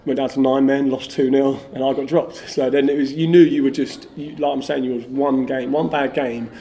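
A middle-aged man, a former footballer, telling stories in a casual, animated way with lots of fillers. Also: mid-range voice, normal speed. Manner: animated, lively storyteller, many fillers like "like". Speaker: former footballer, podcast guest. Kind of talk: casual anecdotal storytelling.

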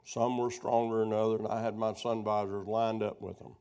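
A middle-aged preacher with a gravelly voice tells homespun stories to teach his class. He rambles, wanders off track and circles back to pick up the thread. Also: lowish voice, flat delivery, fairly quick, warm tone. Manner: rambling storyteller who loses his thread and doubles back. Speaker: preacher teaching a prophecy workshop. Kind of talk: folksy teaching sermon with personal stories.

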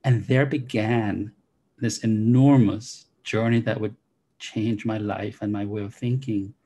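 Gravelly low-voiced man. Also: steady tone, unhurried, dark tone. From Jamaica. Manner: articulate, elaborate literary phrasing. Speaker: interview guest, philosophy professor. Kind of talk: reflective interview storytelling.

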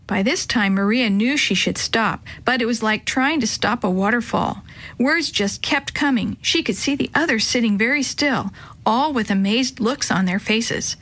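A woman's voice: medium pitch, moderate pace, fairly bright tone. A woman narrating a children's story aloud, acting out the children's dialogue with expression.

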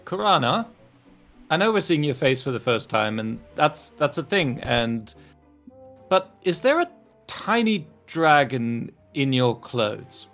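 Man, tabletop game player, mid-pitched, halting, playful banter. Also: very animated, fairly bright tone, soft background music. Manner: halting, playful, lots of restarts. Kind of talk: casual in-character banter.

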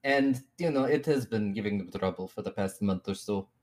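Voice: sits low, a little fast, darkish tone. Rambling, casual game master. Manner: casual, rambling, many fillers. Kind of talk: narrating a tabletop game.

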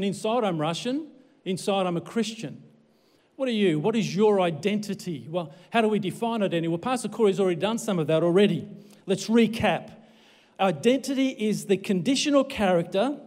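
High-voiced Australian pastor, jokey. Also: male voice, normal speed, darkish tone, big-room sound. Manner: jokey, self-deprecating. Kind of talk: livestreamed sermon.

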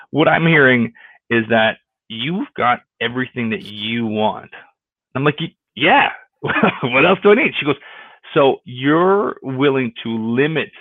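A man's voice: medium pitch, gravelly, dry recording. A man telling a long career story in a casual interview, rambling with restarts and acting out quoted dialogue. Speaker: real estate agent. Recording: tinny phone-like line, dry.

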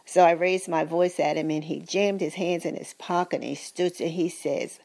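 Older woman, low voice, gravelly, earnest and gentle, personal testimony. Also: steady tone, moderate pace, hardly any pauses. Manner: earnest, gentle, faith-filled advice. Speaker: caregiver of a husband with dementia.

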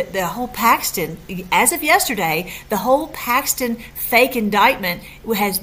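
A woman hosting a political commentary show, talking in an excited, emphatic way with frequent restarts. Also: fairly high pitch. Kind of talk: casual commentary.

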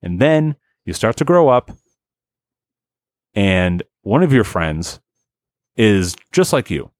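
A man hosting a casual podcast, ranting in an exasperated, profane, animated way. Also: on the low side, slow, no room sound. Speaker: podcast host.

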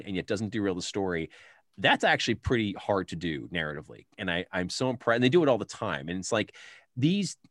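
A middle-aged man in a casual film chat, animated and laughing often as he retells scenes. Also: low-pitched, dry recording, studio quality.

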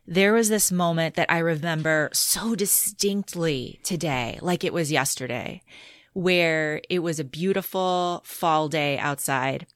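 A middle-aged woman in a casual interview, telling personal stories candidly and lively voicing the people she quotes. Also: low voice, no room sound, studio quality. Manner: candid storytelling, animated when quoting others. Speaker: podcast guest.

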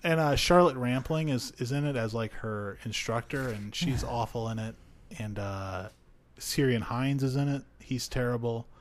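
A man's voice: medium pitch, normal speed, a little hiss or hum. A man on a podcast reviewing a film in casual chat, rambling with lots of fillers and swearing. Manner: rambling, profane, many fillers, laughs often.

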